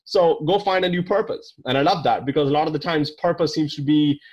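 A man hosting a podcast interview, chatting casually and enthusiastically summing up his guest's points. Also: on the high side. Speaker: podcast host.

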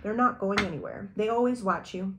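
A woman's voice: mid-range voice, brisk, noisy background. Woman tarot reader, loose intuitive monologue addressed to the viewer.

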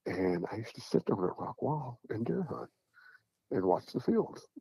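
Gravelly low Southern man telling a story. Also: very animated, moderate pace, warm tone, no room sound. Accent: Southern American. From Tennessee, USA. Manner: rambling, repeats "I said" and "he said". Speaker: guest recounting encounters. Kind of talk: casual storytelling. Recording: dull, dry lo-fi audio.

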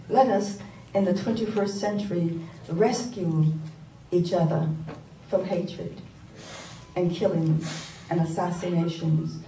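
Older woman poet from New York, lively storyteller, laughs a lot; distant mic in an echoey hall, faint room hum. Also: on the low side. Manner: animated, laughs often, repeats phrases for emphasis. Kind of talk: live storytelling talk to an audience. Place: conference hall. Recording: roomy, from far off, faint ambience.

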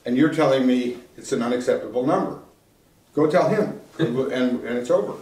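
A man's voice: mid-range voice, a little fast, darkish tone. An older man giving a keynote talk in a conversational storytelling manner, acting out the dialogue he quotes. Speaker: keynote speaker. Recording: echoey room, voice from some distance.

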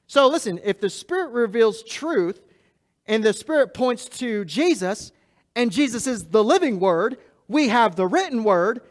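As pastor of a church, a man preaches a repetitive, emphatic sermon, alternating loud and hushed lines and addressing the congregation directly. His voice is very high and animated, his pace a little slow, and he laughs at himself.

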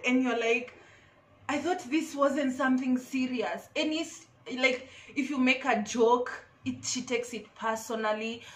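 A woman's voice: fairly high pitch, a little hiss or hum. A woman vlogger giving casual, emphatic advice to camera, repeating her key phrases.

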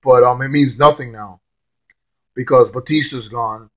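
A hoarse young man rants bluntly as a wrestling fan vlogger, stammering and repeating words, with some swearing. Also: medium pitch, fairly even intonation, a little slow. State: hoarse, lost his voice. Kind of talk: casual ranting monologue.

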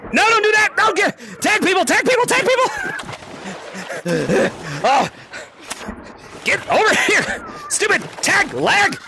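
Male VR streamer, very high and lively, shouty and hyped, laughs a lot, headset mic at home. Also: measured pace, creaky, long pauses, background noise. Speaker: VR game streamer and lobby host. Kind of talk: excited live gameplay commentary. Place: at home playing in VR.

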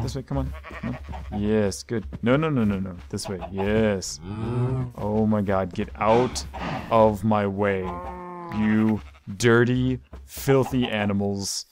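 A man's voice: on the low side, background noise. A man hosting his own gaming channel, giving loose, playful gameplay commentary and coaxing the animals on screen.

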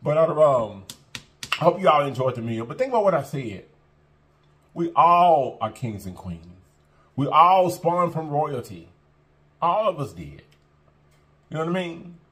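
Lively, bright-voiced man preaching to viewers. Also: a little high, unhurried, pauses often, a little hiss or hum. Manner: emphatic and repetitive, preachy, drawling fillers. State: full after a meal. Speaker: mukbang vlogger. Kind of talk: casual heart-to-heart talk to viewers.

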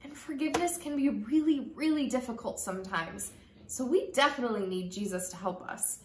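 A woman telling a children's story in an expressive storytelling manner, then talking to kids about it as a church storyteller. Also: a little high, fairly quick, a little hiss or hum. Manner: expressive, sing-song storytelling. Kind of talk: read-aloud story and children's message. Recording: echoey room.

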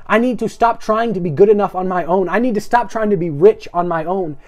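A young man preaching an energetic live-streamed sermon, asking viewers to repeat phrases after him. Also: high voice, fairly quick.

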